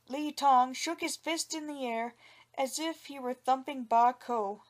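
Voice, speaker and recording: A woman narrating a folk tale in an expressive storybook reading. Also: sits high, unhurried.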